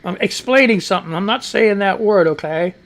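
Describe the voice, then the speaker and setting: A man's voice: sits high, fairly quick, a little hiss or hum. A middle-aged American man hosting a live radio news show, rambling and profane, talking back to himself as he reads the news. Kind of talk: casual live-stream news commentary.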